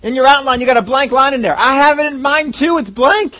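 High-pitched guy preaching, lively, acts out the people in his stories, muffled lo-fi tape. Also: brisk. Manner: animated, acts out voices in the stories. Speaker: pastor. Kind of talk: sermon.

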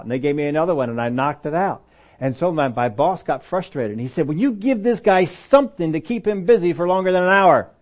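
A man preaching a sermon in a conversational, lively way, acting out small exchanges as he goes. His voice sits at an ordinary middle pitch. The recording is dull and lo-fi. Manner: animated, acts out dialogue voices.

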